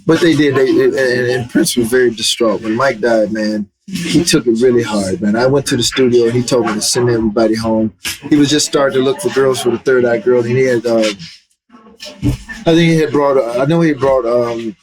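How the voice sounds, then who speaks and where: A middle-aged man retells stories in an interview, relaxed and animated, with "man" dropped in at every turn. His voice sits at an ordinary pitch. Loud music plays behind him the whole time. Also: brisk, low-quality recording. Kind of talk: casual storytelling.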